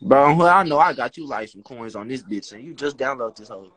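A man hosting a casual live stream from home, loud and joking, with profane banter. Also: medium pitch, lively intonation, a little fast. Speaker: livestream host. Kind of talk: casual livestream chat.

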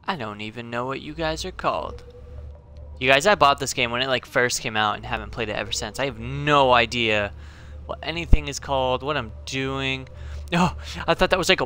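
Excitable man with a bright, sharp voice. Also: medium pitch, brisk, clean tone. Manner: excitable, jokey, exclaims often. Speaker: gaming channel host. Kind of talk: let's play commentary.

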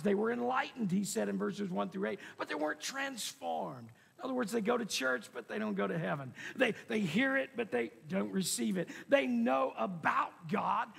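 A man's voice: sits high, gravelly, fairly bright tone, slightly rough, long reverb tail. A man preaching a sermon as pastor, reading scripture aloud and repeating words as he presses his points. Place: church sanctuary.

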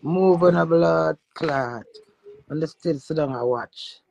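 A woman's voice: low voice, takes it slowly, creaky, darkish tone, slight background noise, rough recording. A Jamaican woman who is a social media influencer, chatting brashly and profanely in patois with her live-stream viewers. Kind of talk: casual live-stream chat.

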